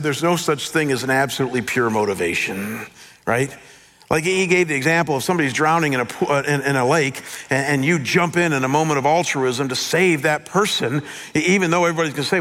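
A middle-aged man, a pastor, giving a conversational, animated sermon with self-deprecating asides and stammered restarts. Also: on the high side. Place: church sanctuary. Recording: long hall reverb.

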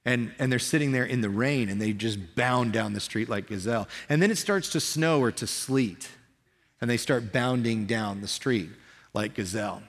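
Male pastor, mid-pitched, conversational and fired-up sermon delivery, hall reverb. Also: moderate pace. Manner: energetic, conversational preaching with frequent restarts.

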